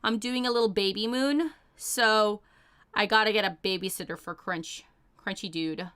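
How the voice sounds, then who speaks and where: A woman's voice: mid-range voice, moderate pace, a bit bright, smooth. A young woman casually chatting as she reads out chat messages, bubbly and gushing, full of "like" and "oh my gosh". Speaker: streamer reading chat.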